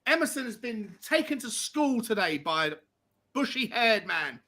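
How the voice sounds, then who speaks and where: A man hosting a live football watchalong, reacting loudly to every play, swearing and swinging between yelling and muttering. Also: very high voice, moderate pace. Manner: excitable, swings between shouting and mumbling, swears. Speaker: fan show host.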